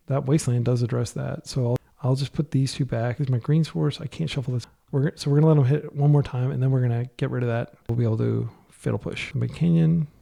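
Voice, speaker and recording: Man calling his own card game, soft and gravelly, worn-out voice, very dark tone. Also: mid-range voice. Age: adult, a parent. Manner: soft, light-voiced talk, thinking out loud. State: voice worn from a long day of talking. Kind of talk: online card game commentary, thinking aloud.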